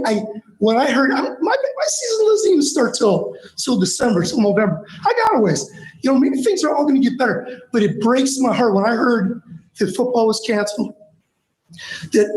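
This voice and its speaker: A man in his fifties, originally from Michigan, speaks from the heart at a school board meeting and keeps circling back on his thoughts. His voice is unusually high for a man. The room around him rings with echo. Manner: emotional, rambling, heartfelt. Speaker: teacher and coach. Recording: echoey meeting hall.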